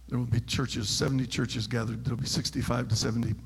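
A male pastor preaching a sermon, telling a story quietly and then shouting his points. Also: mid-range voice, flat delivery, quick pace, creaky, breathy edge, big-room sound.

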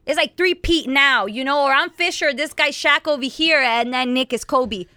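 A woman's voice: high voice, normal speed, sharp tone, no echo. A woman guest on a radio show, talking candidly and expressively in casual conversation, dropping Spanish words here and there.

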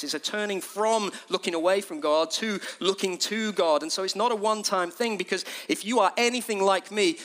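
A man preaching with real fervour, his voice high and bright and edged with tension. He sinks to near-whispers, then climbs into ringing, urgent calls to his listeners. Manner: impassioned, swings from hushed to shouting. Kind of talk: sermon.

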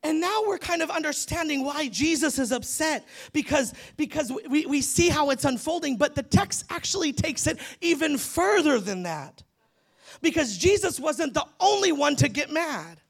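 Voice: sits high, expressive, normal speed. A preacher giving a sermon in a conversational, humorous storytelling manner and speaking straight to the congregation. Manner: addresses the congregation directly.

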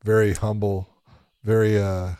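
A man's voice: on the low side, level tone, measured pace, dark tone, no room sound, clean studio sound. A man co-hosting a podcast in casual chat, praising with emphatic enthusiasm. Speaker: podcast co-host.

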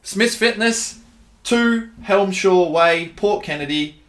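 A man's voice: sits high, slow, fairly bright tone. Laid-back Australian man, podcast host. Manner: laid-back, swears freely, calls listeners dude and bro. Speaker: podcast co-host, gym owner and coach. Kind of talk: casual podcast chat.

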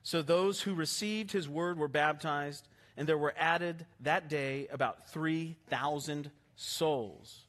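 A male pastor preaching a sermon with passion, swinging from hushed, slow lines to emphatic ones. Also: on the high side.

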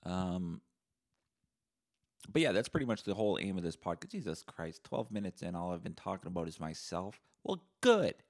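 A man hosting a solo podcast, rambling in crude deadpan humor. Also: low-pitched, normal speed. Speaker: podcast host.

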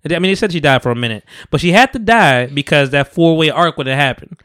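A man hosting a podcast in casual chat, profane and animated as he tells a story. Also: on the high side, quick pace, no room sound, studio quality. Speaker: podcast host.

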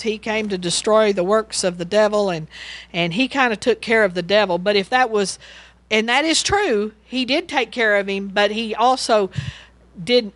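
A woman's voice: medium pitch, fairly bright tone, no room sound. A woman giving a casual Bible teaching, rambling and chatty, and she laughs as she tells stories.

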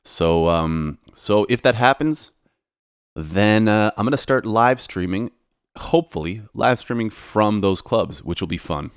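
A man's voice: fairly low pitch, measured pace, smooth, no room sound, clean studio sound. A man, talking to camera in a loose, rambling monologue with lots of restarts. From Canada. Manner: rambling, relaxed, many restarts. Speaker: DJ and vlogger. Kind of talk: casual monologue.

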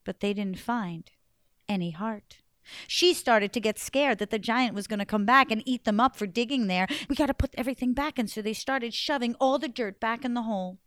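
A woman storyteller telling a folktale live to children, in a lively, animated way. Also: fairly high pitch, moderate pace, dry recording, studio quality.

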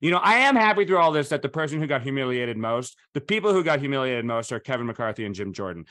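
A man's voice: medium pitch, dry recording. Sardonic male podcast co-host, profane and casual, mid-range voice, dry close mic. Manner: profane, sardonic, trails off softly. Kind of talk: casual comedic podcast chat.

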